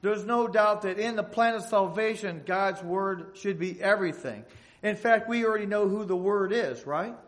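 High-voiced male preacher reading scripture. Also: moderate pace. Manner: reads scripture aloud in old-fashioned phrasing; asks the congregation for an amen. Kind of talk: sermon.

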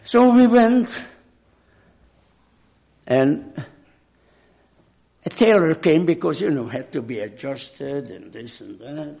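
An older man, not a native English speaker, preaching a sermon and telling a personal story, with a halting manner and frequent throat clearing. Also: mid-range voice, dark tone.

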